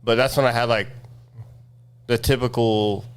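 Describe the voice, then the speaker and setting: Casting note: man, mid-pitch, smooth resonant voice, cocky joking racer banter. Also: steady tone, moderate pace. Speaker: podcast co-host and racer. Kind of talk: casual chat.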